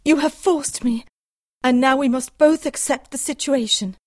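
A woman's voice: high-pitched, unhurried, dry recording, studio quality. An actress playing a devoted young wife and mother confessing a secret in an audiobook drama, earnest and pleading.

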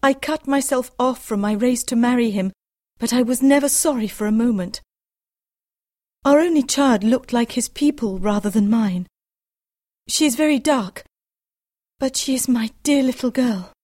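A woman's voice: a little high, moderate pace, long pauses, mellow, no room sound, clean studio sound, lightly acted. An actress playing a devoted young wife and mother confessing a secret in an audiobook drama, earnest and pleading.

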